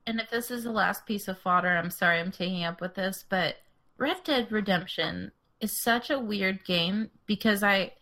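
A woman co-hosts a podcast in a casual, chatty way, giggling a lot and saying "like" constantly. Her mid-range voice moves at normal speed and sounds pushed and bright.

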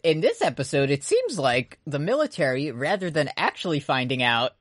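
Animated man retelling an episode. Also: a little high, normal speed, no room sound, studio quality. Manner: animated, lots of laughter, puts on character voices while retelling. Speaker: podcast co-host. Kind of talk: casual recap chat.

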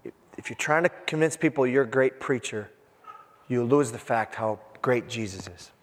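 A male pastor preaching a sermon in an animated, joking way, acting out little scenes for the congregation. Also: medium pitch, normal speed, long reverb tail. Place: church sanctuary.

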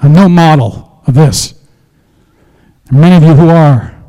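A man's voice: fairly high pitch, moderate pace, warm tone, poor audio. A middle-aged man preaching a sermon, telling a personal story in a conversational way and then praying aloud. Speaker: pastor.

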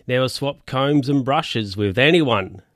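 A man's voice: mid-range voice, animated, measured pace, fairly bright tone, no room sound, studio quality. Stern dog doctor, as a man reads him out. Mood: lecturing. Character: brisk no-nonsense male dog doctor.

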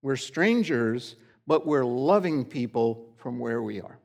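A middle-aged pastor preaches in a church sanctuary, telling stories in a conversational, folksy way. His medium-pitched voice is slow, creaky, and darkish in tone, with lively intonation.

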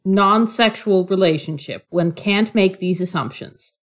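A woman playing in a tabletop game, speaking in a prim, measured way. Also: mid-range voice. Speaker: player. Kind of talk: tabletop role-play chat.

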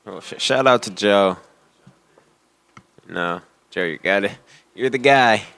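Laid-back, low-voiced man. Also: takes it slowly, creaky, fairly bright tone. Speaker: podcast guest. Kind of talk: casual chat. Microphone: headphones and studio mic.

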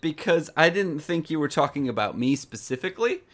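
A man's voice: fairly high pitch, expressive, brisk, fairly bright tone. A young man co-hosting a comedy podcast, rambling and giggly with frequent restarts. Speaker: podcast co-host. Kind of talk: casual comedic chat.

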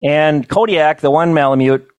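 A middle-aged man telling humorous stories to a banquet audience, with a deadpan comic delivery and chuckles. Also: fairly high pitch, moderate pace, clean tone, no echo. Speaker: storyteller. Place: banquet hall.

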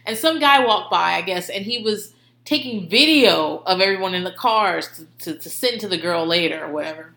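A woman's voice: on the low side, fairly quick, creaky, echoey room. A woman hosting a podcast, telling stories in casual, profane chat and laughing often. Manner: profane, laughing, animated storytelling. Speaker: podcast host.

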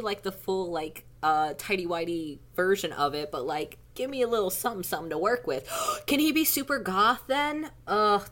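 A young woman in casual podcast chat, animated, laughing often and groaning in mock despair. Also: fairly low pitch. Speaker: podcast co-host.

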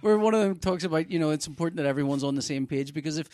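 A man's voice: fairly high pitch, racing, darkish tone. A man co-hosting a comedy podcast, rambling through half-serious ideas in casual chat with lots of restarts. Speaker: podcast co-host.

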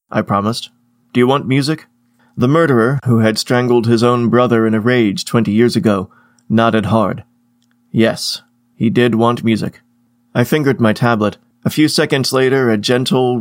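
A man narrating a story in the first person, measured and a little wry. His voice sits in a middle register and sounds close and dry, with no room around it. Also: medium pitch, dry recording.

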